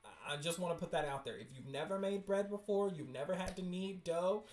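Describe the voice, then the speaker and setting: Brief: excitable woman host, slow-talking but animated, echoey room. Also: on the low side. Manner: chatty, excitable, self-interrupting asides. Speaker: livestream host reading webcomics. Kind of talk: casual livestream chat.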